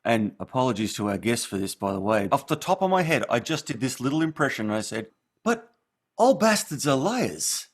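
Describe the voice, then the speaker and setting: A man co-hosts a podcast interview at an everyday middle pitch. He tells stories in a lively, joking way, full of asides and playful self-mockery. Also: fast talker, hardly any pauses. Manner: animated, joking storyteller. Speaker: co-host. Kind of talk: casual interview chat.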